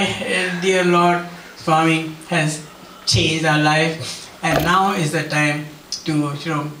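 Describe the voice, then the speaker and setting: Earnest male speaker at a devotional gathering, higher voice, storytelling. Distant, roomy hall sound with faint background noise. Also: sharp tone. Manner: earnest, storytelling, acts out quotes. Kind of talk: devotional talk with personal stories.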